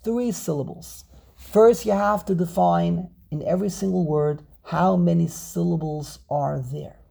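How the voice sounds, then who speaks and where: A man's voice: high voice, measured pace, vocal fry, dark tone. A man teaching an online Torah class over a video call, repeating words and drilling pronunciations aloud.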